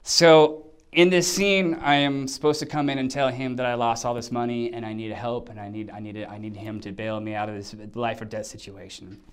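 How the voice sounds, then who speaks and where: A man telling a lively anecdote about his acting work, acting out the scenes as he goes. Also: medium pitch, smooth. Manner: animated storytelling, acts out scenes. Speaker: actor telling a set story. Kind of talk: casual anecdote.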